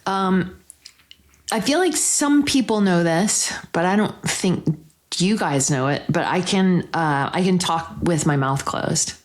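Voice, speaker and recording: A woman's voice: fairly low pitch, slow. A woman chatting as a podcast guest, telling rambling stories and giggling often. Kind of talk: casual chat.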